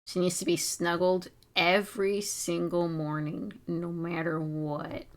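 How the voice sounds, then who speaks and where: A woman's voice: lowish voice, level tone, a little slow. A woman streaming as an artist, chatting casually while she draws, giggly, chatty and self-mocking. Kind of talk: casual chat while drawing.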